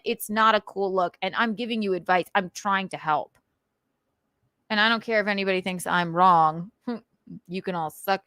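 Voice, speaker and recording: A woman's voice: medium pitch, moderate pace, fairly bright tone, no room sound. Woman host, transatlantic accent, enunciated and goofy, close and dry sound. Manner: crisp enunciation, goofy, theatrical outbursts. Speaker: show host. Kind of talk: casual rant reacting to online comments.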